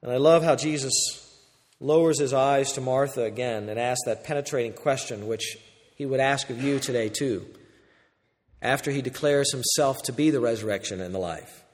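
A pastor preaching a sermon, shifting between loud, urgent exhortation and quiet, intimate passages. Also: male voice, medium pitch, moderate pace, long reverb tail.

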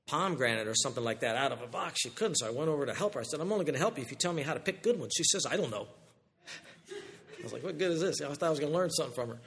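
A man, a pastor, preaching a sermon with animated delivery that swings from loud, rising calls to hushed, low passages. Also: big-room sound.

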